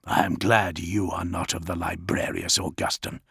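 A man playing a senior warrior lord, low and quiet, measured and dryly cutting. The voice is gravelly and husky, close-miked and dry. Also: level tone, no room sound, heavily acted. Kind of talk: audiobook character voice.

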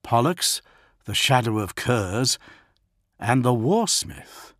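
A man giving scripted audiobook narration in a measured, dramatic storytelling manner. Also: mid-range voice, expressive, a bit bright, no echo, clean studio sound.

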